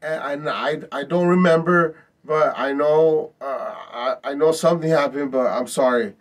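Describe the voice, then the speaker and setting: Brief: man doing a high, chirpy older lady customer, fake-friendly and stammering, slightly distant mic. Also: moderate pace, lightly acted.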